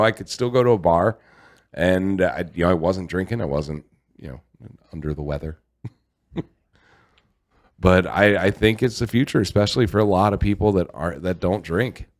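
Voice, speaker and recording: A man co-hosting a podcast, talking in a rambling, halting way with many fillers. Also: sits low. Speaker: podcast co-host. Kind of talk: casual chat.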